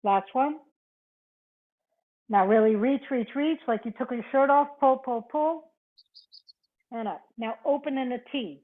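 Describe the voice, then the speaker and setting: Over tinny video-call audio, a woman yoga instructor with a high voice leads a live online class at a measured pace, pausing often. She counts reps, gives short cues, and chats with her students.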